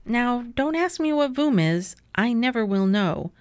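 Slow, measured woman reading a storybook. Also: fairly high pitch, lively intonation, dry recording. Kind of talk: storybook read-aloud.

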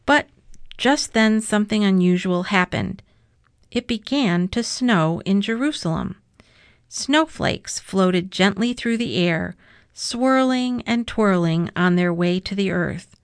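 Woman, storyteller, children's book read-aloud, gentle, measured, middle pitch, dry close sound. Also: clear, resonant tone, no echo.

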